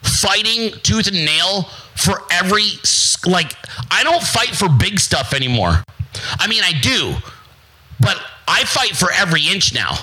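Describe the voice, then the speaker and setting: A man's voice: high-pitched, very animated, measured pace, sharp tone, slightly rough, low-quality recording. A man in his forties ranting profanely and defiantly as the host of a casual talk stream. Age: 40s. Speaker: livestream host.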